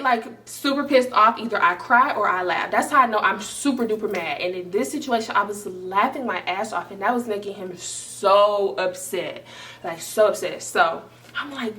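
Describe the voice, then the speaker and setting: A young woman vlogger telling a story in an animated, emphatic, profane way. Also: medium pitch, moderate pace, distant mic. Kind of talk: storytime vlog.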